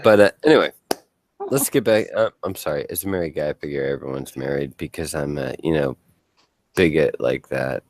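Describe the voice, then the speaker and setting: A man's voice: a bass voice, fairly quick, background noise. A man hosting a casual panel chat who tells rambling, joking stories and swears freely.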